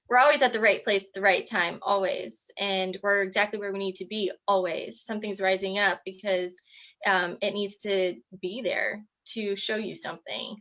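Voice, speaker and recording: A woman co-hosting a talk, speaking in a gentle, reflective way with many "you know"s. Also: medium pitch. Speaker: co-host. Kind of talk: casual coaching chat.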